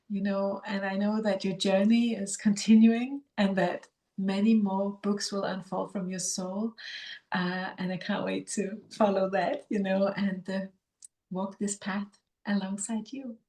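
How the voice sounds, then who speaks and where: A woman hosting an interview podcast, speaking with gentle, affirming enthusiasm. She pours out praise and thanks, then turns to address her audience directly. Her voice sits at an ordinary middle pitch. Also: level tone, a little slow. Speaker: podcast host.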